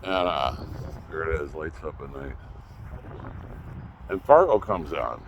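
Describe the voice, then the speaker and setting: A man's voice: very deep voice, expressive, slow, muffled recording, slight background noise. A middle-aged man with a Minnesota accent, talking in a blunt, profane, rambling monologue. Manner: profane, blunt, rambling, swings between grumbling and laughing. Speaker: vlogger.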